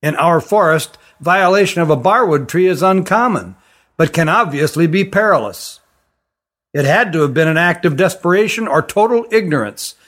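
A man voicing a stern male stranger who rides a fox, speaking in a high voice with a measured, explanatory manner. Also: a bit bright.

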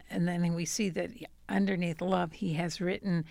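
A woman's voice: fairly low pitch, fairly even intonation, unhurried, gravelly, hardly any pauses, a little mellow, no room sound, clean studio sound. A woman co-hosting a radio show, chatting and laughing as she reads comic strips and birthdays. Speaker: radio co-host. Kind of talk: casual radio chat reading comics.

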